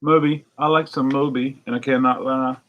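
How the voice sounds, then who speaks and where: Sorting used CDs in his record shop, a US store owner talks casually to his video viewers, drifting between topics and muttering asides. The narrow, tinny audio carries a medium-pitched voice with a level tone at normal speed.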